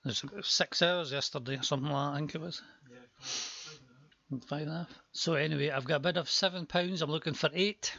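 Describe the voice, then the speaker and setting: A man's voice: a little high, fairly quick, creaky, pushed and bright, no room sound, highs cut off. A man calling a live auction stream, chatty with joking asides, his voice worn from a long day before.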